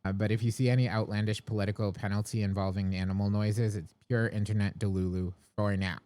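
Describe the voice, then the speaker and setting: Crude, laughing young podcast host. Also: male voice, on the low side, darkish tone, dry recording. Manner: crude, swears freely, laughs a lot. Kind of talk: casual podcast chat.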